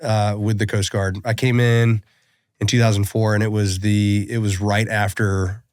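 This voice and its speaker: Low voiced guy hosting a vets podcast, laid back, dry room. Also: level tone, normal speed, a little mellow, clean tone, no echo. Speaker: podcast host, Coast Guard veteran. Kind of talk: casual conversation.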